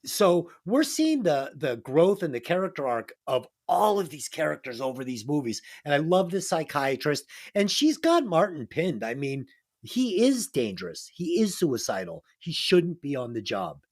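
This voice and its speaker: A man's voice: on the high side, big pitch swings, normal speed. A man co-hosting a movie review podcast, chatting casually and enthusiastically, swearing now and then. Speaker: podcast co-host.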